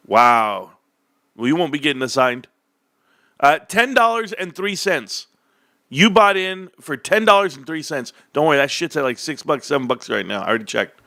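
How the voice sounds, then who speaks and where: A man's voice: high-pitched, sharp tone, no echo, studio quality. A man ranting in a casual, sarcastic and profane commentary as a stock market commentator.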